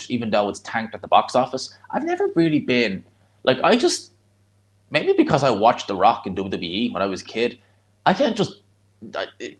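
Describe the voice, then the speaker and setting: A man with a North Dublin accent, hosting a live fight watch-along, chatting loosely and reacting excitedly to the action. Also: on the low side. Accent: North Dublin (Fingal). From Ireland.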